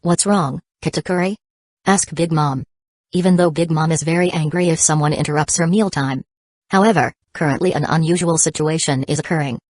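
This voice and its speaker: Low flat synthetic woman narrating. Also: fairly quick, no room sound. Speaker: audiobook narrator.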